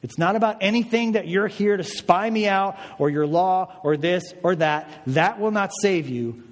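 A man's voice: high-pitched, moderate pace, lightly acted. A man preaching, voicing Jesus as a blunt, matter-of-fact adult man. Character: Jesus, calm adult man cutting through flattery. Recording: reverberant hall.

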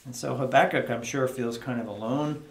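A man's voice: medium pitch, normal speed. Echoey man teaching a casual Bible study. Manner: conversational, keeps asking "right?" to the group; dramatizes prayers in an exasperated voice. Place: office. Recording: echoey room.

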